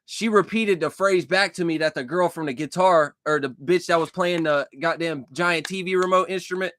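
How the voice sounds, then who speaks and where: A man's voice: on the high side, moderate pace, fairly bright tone, no echo. A young man telling a long dream story in a casual, rambling way, swearing often, repeating himself and restarting his sentences. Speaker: vlogger recounting a dream.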